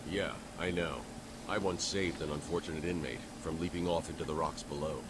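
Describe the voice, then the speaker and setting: A grim masked vigilante speaks in a very deep, terse, matter-of-fact growl from a video game. The game audio plays under a loud wash of background noise. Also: male voice, fairly even intonation, brisk.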